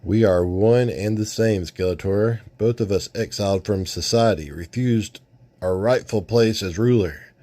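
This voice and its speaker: A man voicing a scheming demon villain from a comic, speaking in a slow, drawn-out way. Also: fairly low pitch, dark tone, natural voice.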